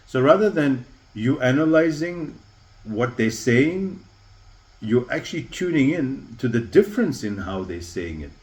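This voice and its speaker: A man's voice: medium pitch, very animated, a little slow, a little mellow, low-quality recording. A man, a leadership coach, explaining ideas thoughtfully in an interview and acting out short example lines. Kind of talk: reflective interview conversation.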